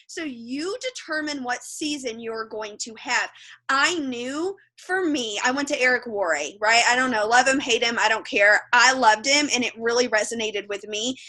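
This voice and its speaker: A woman's voice: sits high, moderate pace, sharp tone. A woman leading her sales team on a video call, giving a blunt, emphatic motivational talk.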